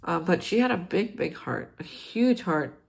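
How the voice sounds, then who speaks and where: A man with a gravelly, fry-edged voice gives a heartfelt spiritual recovery talk. He speaks earnestly and encouragingly, often stopping to restart a phrase as he hosts his daily reflection. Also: high voice, very animated, measured pace.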